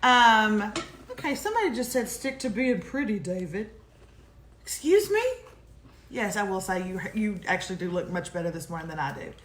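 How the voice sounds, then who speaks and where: A woman's voice: mid-range voice, animated, a little fast, fairly bright tone. A woman co-hosting a casual morning show, joking and telling stories in a chatty, teasing way. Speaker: co-host of a morning livestream. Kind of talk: casual chat. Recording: roomy echo with faint noise.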